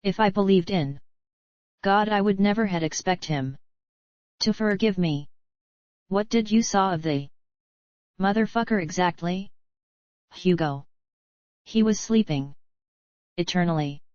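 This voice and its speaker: A woman reading a screenplay aloud in a flat manner, naming each speaker before the line. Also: mid-range voice, unhurried, long pauses, dry recording, muffled recording.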